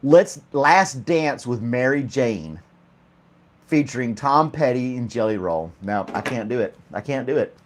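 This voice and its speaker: A man's voice: mid-range voice, lively intonation, measured pace. A man hosting a casual morning chat show, joking and laughing often while a pet clings to his arm. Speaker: host.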